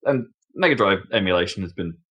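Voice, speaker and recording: A man co-hosting a casual gaming podcast, chatty and quick to laugh, often trailing off and restarting. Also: deep voice, animated, slightly rough, dull audio. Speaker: podcast co-host. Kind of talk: casual chat.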